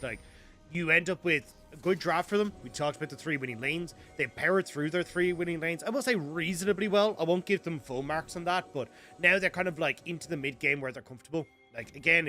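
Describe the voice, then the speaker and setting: A man's voice: on the high side, pushed and bright. A young Irish man giving chatty, analytical esports commentary and laughing easily.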